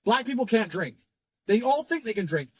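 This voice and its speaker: A brash man in his thirties tells a profane story in a blunt, swaggering manner. His voice is husky and sits a little high for a man, with big swings in pitch. The sound is dry and close, with no echo. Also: big pitch swings, normal speed. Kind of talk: profane anecdote telling.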